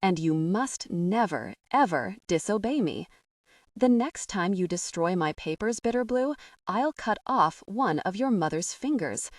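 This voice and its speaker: A woman reading a soft-spoken cruel king. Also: mid-range voice, lively intonation, a little slow, dry recording. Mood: threatening. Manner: soft, coaxing, quietly threatening. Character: menacing male king, coaxing and cruel father. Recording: dry, somewhat distant from the mic.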